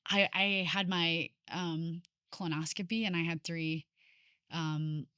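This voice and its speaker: Casual female podcast host, chatty and loose, slightly low voice, dry close recording. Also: steady tone, slow pace, pushed and bright, clear, resonant tone, dry recording. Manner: chatty, lots of "like" fillers, trails off mid-thought. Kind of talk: casual conversation.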